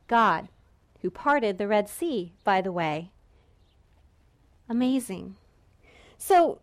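A woman preaching a sermon in a lively, conversational way, now and then acting out the voices of the people in the story. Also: on the high side. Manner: lively and conversational, acts out voices of Israelites and God. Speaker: pastor.

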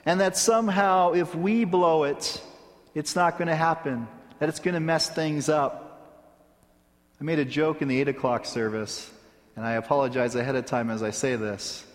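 A male pastor preaching a sermon in a measured way, with deliberate pauses. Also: fairly high pitch, big-room sound. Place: church sanctuary.

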